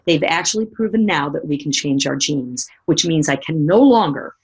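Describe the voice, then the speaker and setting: A middle-aged woman speaker giving a motivational seminar talk, telling lively stories and asking the audience direct questions. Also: low-pitched, normal speed, slightly rough. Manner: animated storytelling, acting out remembered voices.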